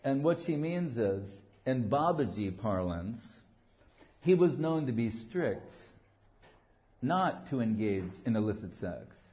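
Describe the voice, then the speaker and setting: A man's voice: medium pitch, sing-song, takes it slowly, darkish tone. Guy giving a loose spiritual talk, wanders off on funny stories, voice right in the middle range. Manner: digressive, joking storyteller who acts out quotes and laughs often. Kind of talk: informal devotional lecture with anecdotes.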